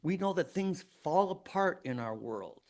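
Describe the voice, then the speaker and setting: A man's voice: on the high side, expressive, measured pace, darkish tone. A man hosting a solo podcast, arguing his points in an emphatic, preachy way. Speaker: podcast host.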